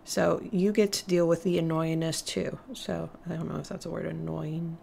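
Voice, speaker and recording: A woman's voice: deep voice, little pitch movement, moderate pace, creaky, mellow, a little hiss or hum. A woman giving casual, chatty commentary while playing a video game, talking to the game characters. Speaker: let's play gamer.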